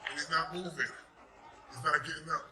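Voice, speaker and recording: A middle-aged man with a Brooklyn accent performs a profane, animated one-man stage story, acting out each scene. His voice sits fairly high for a man. The room is echoey, with loud noise and clicks in the background. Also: moderate pace. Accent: New York, Brooklyn.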